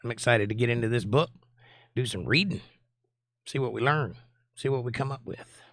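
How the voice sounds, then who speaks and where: Southern man in his forties, folksy livestream host, mid-pitched voice, dry close sound. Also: normal speed, fairly bright tone, no echo. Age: 40s. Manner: folksy, chatty, greets viewers by name. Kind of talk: casual livestream chat.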